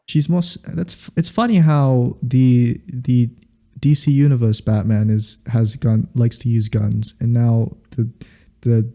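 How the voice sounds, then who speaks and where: Very dark-voiced man in put-on British accent. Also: mid-range voice, steady tone, a little slow. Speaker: podcast co-host. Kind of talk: casual joking chat.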